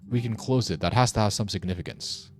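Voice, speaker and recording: A man's voice: lowish voice, quick pace. A young man streaming a puzzle game, thinking aloud as he works through its clues. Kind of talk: casual gameplay commentary.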